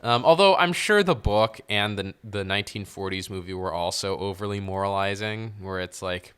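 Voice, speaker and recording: A man's voice: lowish voice, normal speed, few pauses, fairly bright tone, clean tone. A man co-hosting a podcast, talking casually and rambling with lots of fillers and laughs. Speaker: podcast co-host. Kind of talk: casual chat.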